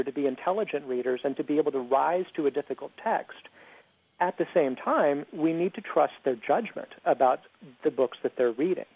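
A man's voice: fairly high pitch, no echo. Male guest on a tinny phone line. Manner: thoughtful, earnest, repeats words when starting. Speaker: author guest. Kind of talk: radio interview.

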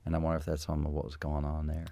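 A man interviewing a musician, asking thoughtful questions and pausing often to search for words. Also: a bass voice, completely flat delivery, warm tone, dry recording, clean studio sound. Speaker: radio interviewer. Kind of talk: casual interview.

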